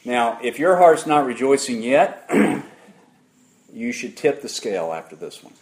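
A man preaching an interactive sermon, putting questions to the congregation in an emphatic, deliberate way. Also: medium pitch, very animated, a little mellow.

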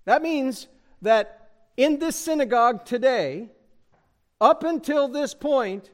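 A male pastor with a notably high voice preaches a sermon verse by verse. He talks straight to his listeners and often asks them questions. His pitch and loudness climb as he presses a point. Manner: animated, rises in pitch and volume for emphasis; addresses the congregation directly with questions. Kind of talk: expository sermon.

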